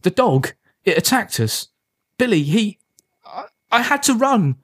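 A man performs a timid schoolboy who stammers when flustered, sounding panicked. He pitches his voice fairly high, above his own, with lively intonation and a measured pace, recorded in a clean studio without echo.

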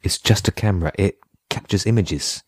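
A man playing a driven adult male explorer who speaks in a hushed, urgent way. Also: sits low, normal speed, breathy edge, no room sound.

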